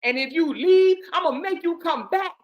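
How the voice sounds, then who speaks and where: A woman voicing a loud, brash, taunting wife as an over-the-top aggressive caricature. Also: extremely high pitch, normal speed, dull audio, voice pushed up.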